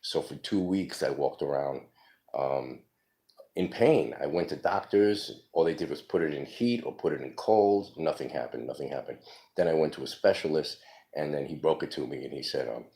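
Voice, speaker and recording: Very deep, gravelly man rambling. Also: warm tone. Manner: rambling, halting with many ums. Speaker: storyteller. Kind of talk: casual personal storytelling.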